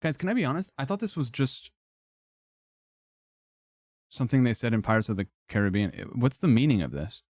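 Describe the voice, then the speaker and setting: A man's voice: mid-range voice, animated, fairly quick, pauses often, a little mellow, no room sound, clean studio sound. A man streaming live, ranking things in casual, profane, joking commentary and laughing often.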